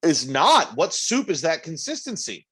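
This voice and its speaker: A man's voice: big pitch swings, a little slow, a bit bright. Man, podcast co-host, blunt, argumentative, casual banter. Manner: blunt and argumentative, jumps up in pitch when protesting. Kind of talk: casual chat.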